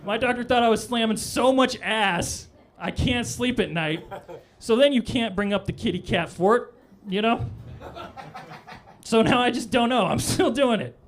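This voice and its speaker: High-voiced man doing stand-up. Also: measured pace. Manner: loose, rambling delivery with frequent "all right?" asides. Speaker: stand-up comedian. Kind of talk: stand-up comedy set. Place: comedy club stage, live audience.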